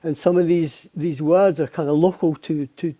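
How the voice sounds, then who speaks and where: Dark-voiced Scottish man, dry sound. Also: on the high side, steady tone, normal speed, no room sound. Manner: chuckling, repeats words as he thinks. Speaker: guest poet. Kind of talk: casual chat on a live stream.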